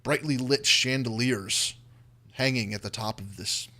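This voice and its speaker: A man narrates a tabletop fantasy game as its dungeon master, painting each scene in vivid detail. He pauses often on "uh" and "um" as he builds the picture, with a voice of ordinary middle pitch. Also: pushed and bright. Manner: vivid descriptive narration with frequent fillers.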